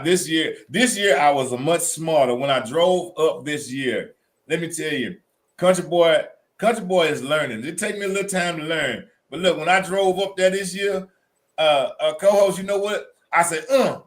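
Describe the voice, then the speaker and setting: A man co-hosting a casual chat show, telling weekend stories in an animated, colloquial way. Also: a little high. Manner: animated storytelling, Southern colloquial. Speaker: co-host.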